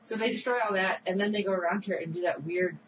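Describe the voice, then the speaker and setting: A woman co-hosting a podcast, recapping a TV episode in a chatty, animated way full of filler words. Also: fairly low pitch, fast talker, background noise. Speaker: podcast co-host. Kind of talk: casual chat recapping a TV episode.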